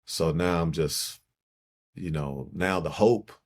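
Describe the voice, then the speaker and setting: Deep-voiced middle-aged man from Chicago. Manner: reflective, halting, repeats phrases for emphasis. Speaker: podcast guest, poet. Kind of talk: personal storytelling in conversation.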